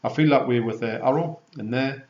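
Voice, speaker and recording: A man's voice: mid-range voice, a little fast, darkish tone. A man from Britain, a guest in a casual chat, agreeing readily and adding his own opinions. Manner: agreeable, chimes in with short replies. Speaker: guest, film collector. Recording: roomy dull lo-fi sound.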